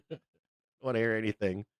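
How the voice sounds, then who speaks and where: A man's voice: on the low side, fairly quick, smooth, no room sound. A middle-aged man hosting a live trading stream, chatting casually in a blunt, profane way and laughing often. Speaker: live trading show host. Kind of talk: casual livestream chat.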